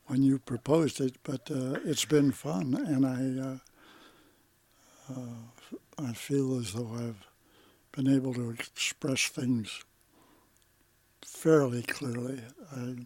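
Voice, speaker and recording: A man in his eighties, a podcast guest in casual conversation, talking slowly with halting, trailing sentences and sounding tired. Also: medium pitch, steady tone, a little mellow, husky, dry recording. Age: 80s.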